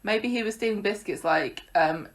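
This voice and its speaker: A woman's voice: mid-range voice, normal speed. A woman co-hosting a podcast, recapping a soap in casual, sarcastic chat. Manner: sarcastic, chatty recapping with laughs. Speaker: podcast co-host.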